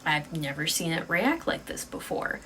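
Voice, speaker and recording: A calm young man camper, baffled by what he sees, speaks in a hushed and uncertain way, as a woman storyteller puts him on. His lines stay near her plain tone. There is a faint hiss in the background. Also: low-pitched, moderate pace, far from the mic.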